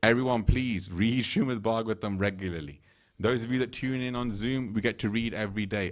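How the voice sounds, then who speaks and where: A man giving a temple sermon in a conversational way, laughing often and acting out quoted voices. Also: fairly low pitch. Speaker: temple speaker. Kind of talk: sermon retelling scripture stories. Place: temple hall.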